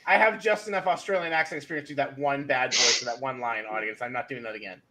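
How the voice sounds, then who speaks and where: A man's voice: mid-range voice, fairly even intonation, quick pace, bright, forceful tone, a little hiss or hum, rough recording. A young man chatting wryly as a player in a tabletop game, poking fun at himself. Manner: wry, self-mocking. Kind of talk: casual chat in a tabletop game.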